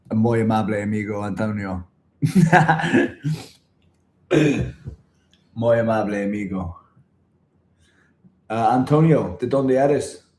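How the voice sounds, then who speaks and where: A Welsh man hosting a relaxed livestream, chatting with viewers and reading out their comments. His voice is mellow and dark, with a mid-range pitch. The room is echoey. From Wales. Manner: chatty, reads out viewer comments, tries halting Spanish. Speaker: vlogger on a livestream. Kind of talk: casual livestream chat. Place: indoors in Bangkok.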